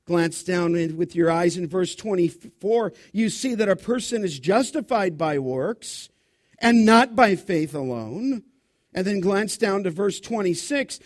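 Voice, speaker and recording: Animated high-voiced male preacher, slow delivery. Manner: emphatic, slows down to stress key words. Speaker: pastor. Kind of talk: expository sermon.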